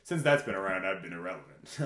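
A man guesting on a podcast, telling stories in a lively, laughing casual chat. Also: low-pitched, normal speed, roomy sound. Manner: animated, laughing, shouts out catchphrases.

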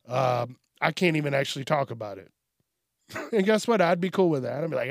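A man's voice: high-pitched, lively intonation, a little fast, no echo, studio quality. A man casually riffing on news stories, laughing often, swearing, and rambling. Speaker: news commentary host. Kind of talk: casual comedic news commentary.

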